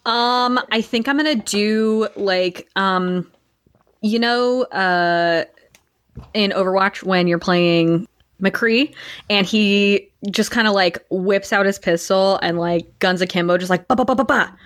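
A woman's voice: mid-range voice, fairly even intonation, slow, no room sound. A woman takes her turn in a tabletop game, chatty and a little hesitant. Her voice sits in a middle range, recorded dry and close. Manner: casual, chatty, hedging. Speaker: player. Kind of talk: casual tabletop game play.

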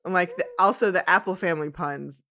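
A woman's voice: on the low side, brisk, bright, forceful tone. A woman co-hosting a casual chat, reading a storybook aloud with a giggly, enthusiastic manner. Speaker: podcast co-host.

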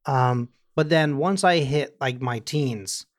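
A man's voice: medium pitch, slow pace. A young man co-hosting a podcast, chatting casually and telling rambling stories. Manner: rambling, animated storytelling with acted quotes. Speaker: podcast co-host. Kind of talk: casual chat.

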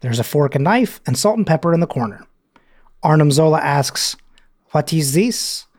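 A man's voice: a little high, lively intonation, moderate pace, a little mellow. A man hosting a podcast, casually recapping a movie scene and reading lines aloud with his own asides. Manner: chatty, reads scene quotes aloud with asides. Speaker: podcast host.

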